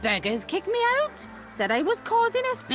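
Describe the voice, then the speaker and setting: A woman's voice: sits high, wildly swooping pitch, normal speed, fairly bright tone, faint music behind, exaggerated voice. An actress playing a well-dressed drunk dwarf woman in a video game, giggly, slurring and self-important. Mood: tipsy.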